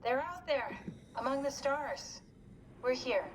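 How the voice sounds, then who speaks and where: A woman's voice: sits high, slow pace. A patient, resigned woman survivor. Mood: calm. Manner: steady, patient explaining, turns sharp and insulting. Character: calm, resigned woman survivor, blunt when pushed. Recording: game audio, distant with loud ambient noise.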